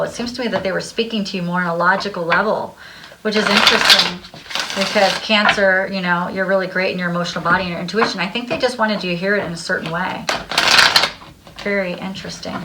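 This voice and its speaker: A woman reading tarot in a loose, chatty way, bright and forceful in tone. She wanders through her thoughts, acting out quick imagined conversations with real enthusiasm. Her pitch sits in an ordinary middle range for a woman. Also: low-quality recording. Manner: rambling and enthusiastic, acting out little dialogues. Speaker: tarot card reader. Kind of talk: casual spiritual tarot reading.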